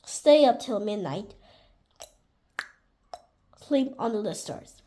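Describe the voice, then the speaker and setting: Woman voicing a soft-spoken dreamy hermit crab. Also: a little high, animated, slow pace, voice pushed down.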